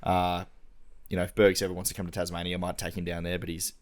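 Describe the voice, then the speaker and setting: Man, Australian accent, very low voice, slangy, casual podcast chat. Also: completely flat delivery, quick pace. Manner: laid-back, slangy banter. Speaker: podcast co-host.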